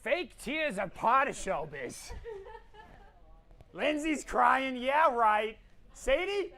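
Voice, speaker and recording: Lively teasing woman host. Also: high-pitched, slight background noise. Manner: teasing, bossy, quick quips. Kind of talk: hosting a live competition stream.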